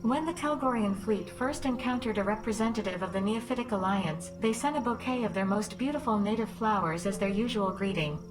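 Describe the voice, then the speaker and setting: A woman voicing a calm female station AI that narrates the game's story in an even, measured way. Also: medium pitch, natural voice. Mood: wry. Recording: game audio over music. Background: game music.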